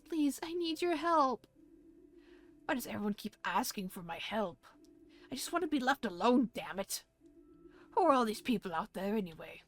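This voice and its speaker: A woman's voice: fairly high pitch, fairly bright tone. A woman doing a cranky old man patient. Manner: cantankerous, snapping. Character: grumpy old male hospital patient.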